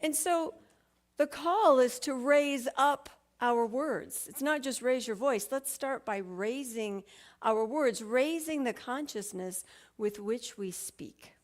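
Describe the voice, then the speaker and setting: A woman's voice: a little high, slow. Earnest woman giving a sermon. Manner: earnest, reads a story aloud. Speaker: minister. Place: church sanctuary.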